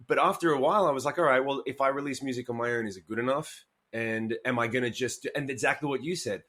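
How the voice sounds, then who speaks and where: A man's voice: medium pitch, a little fast. Candid, swearing male musician. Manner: candid, swears freely, animated storytelling with quoted asides. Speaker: musician guest. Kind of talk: candid conversational interview.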